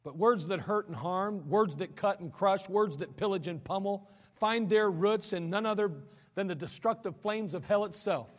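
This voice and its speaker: Male preacher, high-pitched, dramatic sermon delivery with repeated words, long reverberant hall. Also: moderate pace. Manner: dramatic preaching, sudden drops to low quiet lines; repeats words when building a point.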